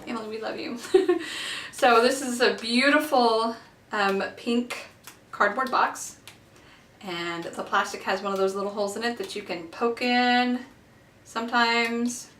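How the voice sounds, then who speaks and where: A woman in her thirties who has children, excitedly unboxing makeup in a casual vlog recorded in her bathroom, gushing with lots of fillers. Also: fairly high pitch, a little slow, slight background noise. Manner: giddy and gushing, with many fillers. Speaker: beauty vlogger. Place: home bathroom. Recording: echoey bathroom, mic a bit far off.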